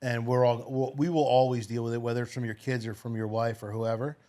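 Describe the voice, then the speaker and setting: A man in his forties chatting on a podcast, blunt and profane, telling animated stories. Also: mid-range voice, a little fast. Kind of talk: casual podcast chat.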